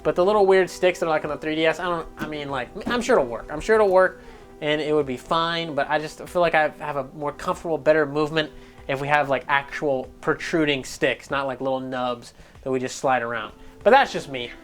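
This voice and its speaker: In a fairly high voice, a man tears through gaming news at high speed, cursing freely and cracking jokes along the way. His casual news rant is loose and animated, with soft music faintly audible in the background.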